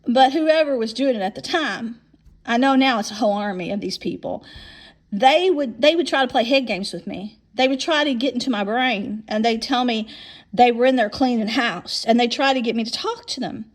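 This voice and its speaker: A woman's voice: fairly high pitch, moderate pace. Rambling woman in her fifties. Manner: rambling, repeats and restarts words. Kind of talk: personal story monologue.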